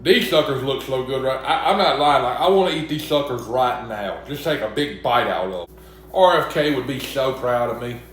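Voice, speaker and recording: A man's voice: medium pitch, lively intonation, moderate pace, slight background noise. A young man from Mississippi with a Southern accent, chatting casually as he cooks and joking back at imagined critics. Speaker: cooking vlogger. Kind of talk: casual cooking vlog. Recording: very echoey room.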